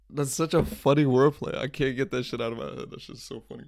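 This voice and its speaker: A man's voice: mid-range voice, steady tone, fast, vocal fry, few pauses, darkish tone, dry recording, studio quality. A young man hosting a casual solo podcast, telling stories in profane slang and laughing often. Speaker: podcast host.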